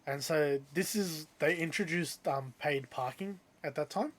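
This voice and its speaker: Young aussie guy on a podcast, bit higher voice, rambling story full of likes and ums. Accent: Australian. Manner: animated, quick to act out the people in his story, many "like"s and "um"s. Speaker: podcast co-host. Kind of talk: casual storytelling chat.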